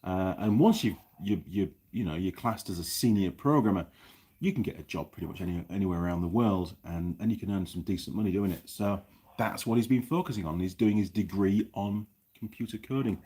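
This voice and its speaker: Husky, chatty New Zealand bloke. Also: male voice, low-pitched, brisk, mellow. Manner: rambling, chatty, reads viewer comments aloud. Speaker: mechanic live-streamer. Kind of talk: casual live-stream chat. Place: home workshop.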